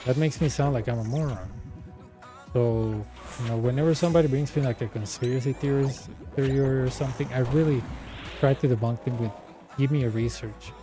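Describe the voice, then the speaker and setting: A man's voice: mid-range voice, fairly quick, music in the background. A man whose first language is Spanish, chatting casually as a streamer and animatedly retelling an argument in back-and-forth quotes. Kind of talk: casual chat.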